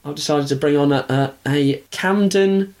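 A man's voice: a little high, moderate pace, darkish tone. A young man co-hosting a podcast in casual, bantering chat, sounding nasal from a cold. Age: young adult. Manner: chatty, laughing, banter. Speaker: podcast co-host.

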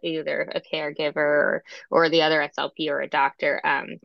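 A woman co-hosting a casual podcast, swapping stories from her work as a clinician. She sits on the low side and talks animatedly, peppering every sentence with "like." Her sound is dry and slightly dull, a little muffled. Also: fairly quick, creaky, no echo. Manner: animated storyteller, many "like"s. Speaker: speech-language pathologist, podcast co-host.

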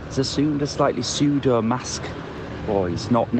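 A man co-hosting a podcast, giving wry, measured commentary in a voice note recorded outdoors in a city square. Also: mid-range voice, lively intonation. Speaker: podcast co-host. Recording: noisy outdoor phone recording. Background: street and traffic noise.

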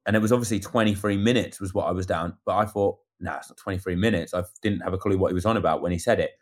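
A man casually telling a lively story about a bike race, acting out what people said. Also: low voice, rapid-fire. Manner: animated storyteller acting out quotes. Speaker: amateur cyclist recounting a race. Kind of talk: casual chat.

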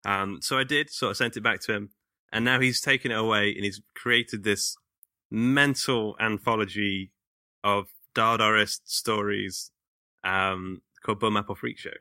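A man's voice: lowish voice, steady tone, a little slow, sharp tone, no echo, clean studio sound. A British man hosting a podcast in a chatty way, laughing easily as he talks. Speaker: podcast host. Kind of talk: casual podcast chat.

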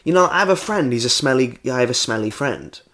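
A man's voice: mid-range voice, expressive, a bit bright. A man co-hosting a comedy podcast, rambling through funny anecdotes in casual chat. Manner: rambling anecdotes, quick jokes. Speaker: podcast co-host.

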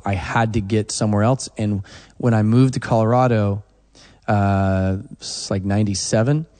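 A man, a songwriter guest, telling stories in a casual interview and acting out what people said to him. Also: fairly low pitch. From Oklahoma. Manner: animated storyteller, acts out quotes.

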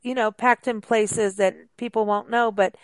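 A woman's voice: medium pitch, steady tone, moderate pace, no room sound. A woman hosting a radio talk show, chatting enthusiastically with her guests and exclaiming often. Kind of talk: casual chat.

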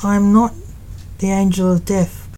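A woman's voice: medium pitch, fairly even intonation, measured pace, dark tone, close to an everyday voice, rough recording. A woman voicing a stern, proud grandfather who speaks in a curt, irritated way.

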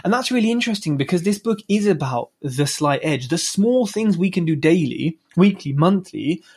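A man's voice: on the high side, lively intonation, normal speed, darkish tone, slightly rough. A man hosting a podcast, giving a casual, chatty solo book review with offhand swearing and self-mocking asides. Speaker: podcast host.

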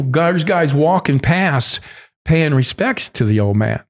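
A man's voice: on the high side, animated, moderate pace, gravelly. A man casually telling a long story, candid and full of swearing. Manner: profane, candid and rambling.

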